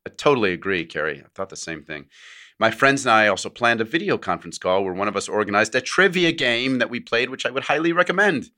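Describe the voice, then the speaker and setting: A man's voice: fairly low pitch, animated, fast, bright, forceful tone. A man co-hosting a podcast, chatting casually and reading a listener's letter aloud with joking asides and frequent laughs. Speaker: podcast co-host.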